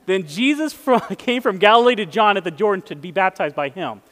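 A man's voice: sits high, lively intonation, moderate pace, a bit bright. A man preaching a casual sermon, conversational and chuckling, putting questions to his listeners. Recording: hall with long reverb.

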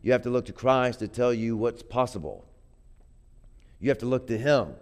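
A man's voice: medium pitch, expressive, normal speed, darkish tone. A man preaching a sermon in a conversational way, often repeating words and building to emphatic peaks. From grew up poor.

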